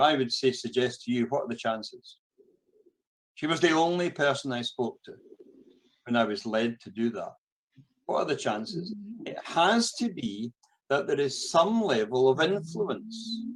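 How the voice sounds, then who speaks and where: A man's voice: mid-range voice, poor audio. A man with a Scottish accent giving a lecture full of personal stories, often repeating a word while he looks for the next phrase. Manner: storytelling, acts out the voices of the people he quotes. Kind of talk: anecdotal lecture.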